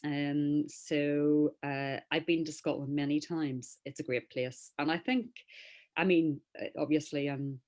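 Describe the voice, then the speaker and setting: A woman's voice: low-pitched, fairly even intonation, unhurried, a little mellow. A woman with a Northern Irish accent, chatting as an interview guest over a video call, with plenty of fillers and a wry humor. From Northern Ireland. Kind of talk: casual interview talk.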